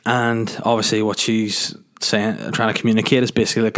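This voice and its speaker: Northern Irish male podcast host, lowish voice, loose rambling jokey monologue. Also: level tone, fast, hardly any pauses. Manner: rambling and jokey, with filler words.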